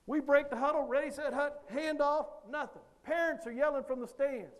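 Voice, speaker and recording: High-voiced animated male storyteller. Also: normal speed, few pauses. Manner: animated storyteller who acts out others' lines. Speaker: motivational speaker. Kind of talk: storytelling speech.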